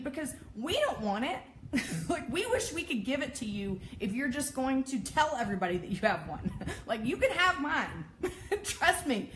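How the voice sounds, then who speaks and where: A woman with a high voice speaks bluntly and sarcastically to her viewers in an exasperated rant. She laughs often. The room is echoey, with faint noise behind her. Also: fairly bright tone. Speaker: vlogger and OCD peer advocate. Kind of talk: direct-to-camera rant.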